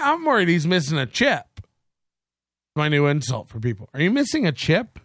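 A man's voice: a little high, fairly bright tone, clean tone, no room sound, clean studio sound. A man hosting a casual solo livestream, ranting sarcastically and profanely and thanking viewers for donations. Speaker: livestream host.

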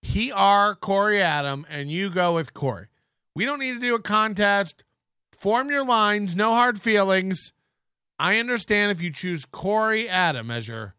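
A man's voice: high voice, bright, forceful tone, clean tone, no room sound, clean studio sound. A man hosting a livestream, ranting in a mock-serious, exaggerated way. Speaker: livestream host. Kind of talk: comic rant.

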